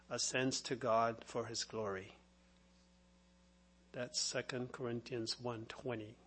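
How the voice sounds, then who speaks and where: A man preaching a sermon, explaining scripture in a deliberate, teaching manner with occasional fillers. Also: medium pitch, fairly bright tone.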